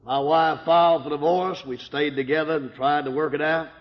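A man's voice: fairly high pitch, steady tone, moderate pace. A man preaching his life testimony in a church, telling it with strong emotion and quoting dialogue. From Michigan. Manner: emotional storytelling, rising to cries at peaks. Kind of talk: sermon testimony. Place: church sanctuary. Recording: dull lo-fi sound in a reverberant hall.

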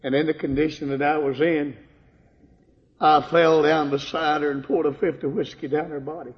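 An older man giving a fervent sermon testimony, swinging from hushed tones to loud outbursts. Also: fairly high pitch, steady tone, moderate pace. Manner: impassioned, swings from hushed to shouting. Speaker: preacher giving his testimony. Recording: dull lo-fi recording in a reverberant hall.

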